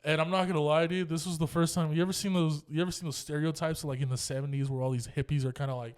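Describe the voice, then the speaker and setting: Animated young man telling a wild story. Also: fairly high pitch, quick pace, smooth. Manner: animated, swears a lot, acts out both sides of quoted dialogue. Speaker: podcast co-host. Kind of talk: casual storytelling chat.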